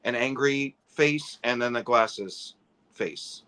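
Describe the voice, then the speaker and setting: Forceful, bright-voiced man talking toys. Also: mid-range voice, takes it slowly, smooth. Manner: detailed, opinionated breakdowns of figure sculpts. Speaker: toy collecting livestream co-host. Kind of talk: casual chat.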